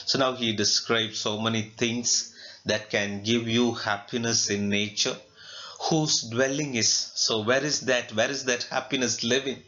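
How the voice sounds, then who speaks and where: Slow-talking Indian English teacher. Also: male voice, mid-range voice, steady tone, pushed and bright. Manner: slow, repetitive explaining with fillers and rhetorical questions. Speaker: literature teacher. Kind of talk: classroom lecture explaining a poem. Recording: dull lo-fi recording.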